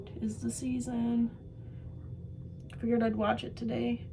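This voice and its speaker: A young woman vlogging while she does special effects makeup, chatting casually and poking fun at herself, sometimes trailing off into soft mumbles. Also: fairly high pitch, little pitch movement, takes it slowly, vocal fry, background noise. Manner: chatty, self-mocking, drifts into soft mumbles. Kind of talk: rambling casual chat while doing makeup.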